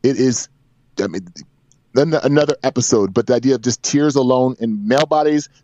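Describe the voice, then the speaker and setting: A man in his forties, appearing as a podcast guest, tells a personal story earnestly and emphatically, repeating phrases. His mid-range voice is brisk and warm. The recording is dry with no echo and has a dull, lo-fi sound.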